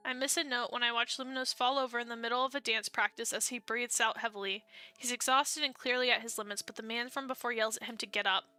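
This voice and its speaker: A young woman streamer reading a dating-sim story aloud, expressive, breaking off into excited asides. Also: a little high, quick pace, smooth, dry recording, faint music behind.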